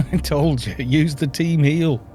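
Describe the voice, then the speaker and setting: A man's voice: a little high, a little mellow. A man with a Welsh accent casually explaining game tactics to his live-stream chat. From Wales.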